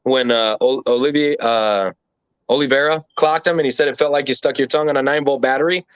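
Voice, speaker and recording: A man's voice: mid-range voice, fairly even intonation, fast talker, clean tone, no room sound. A man being interviewed, telling a story casually and animatedly, with plenty of swearing and rambling asides. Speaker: interview guest. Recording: dull lo-fi dry recording.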